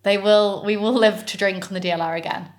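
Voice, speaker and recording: A woman's voice: medium pitch, fairly even intonation, brisk. A woman co-hosting a podcast from London in casual chat, giggly and full of fillers. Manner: chatty, giggly, many fillers. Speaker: podcast co-host.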